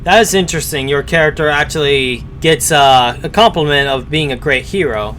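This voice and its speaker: Rambling man streamer, slightly high voice. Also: normal speed, fairly bright tone, slight background noise. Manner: rambling, hesitant, many fillers. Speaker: streamer reacting to a story. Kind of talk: casual live-stream commentary.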